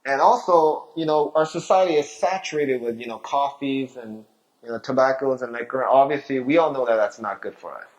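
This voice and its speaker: A man's voice: medium pitch, brisk, darkish tone, muffled recording. A male physician giving a health talk, explaining diet with rhetorical questions.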